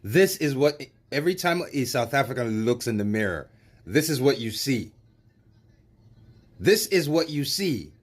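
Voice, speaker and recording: A man's voice: mid-range voice, sing-song, measured pace, breathy edge. A man ranting in an angry reaction video, heated, profane and repetitive. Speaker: commentary vlogger.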